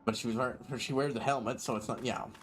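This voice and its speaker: A man's voice: mid-range voice, steady tone, racing, fairly bright tone. A man streaming a game, rambling casually with lots of fillers. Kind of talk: casual gameplay commentary.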